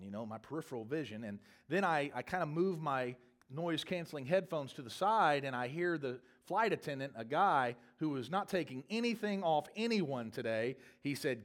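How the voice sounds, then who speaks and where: A man's voice: on the high side, animated, moderate pace. A man preaching a sermon as a pastor, telling a long, humorous travel story in a rambling, self-correcting way.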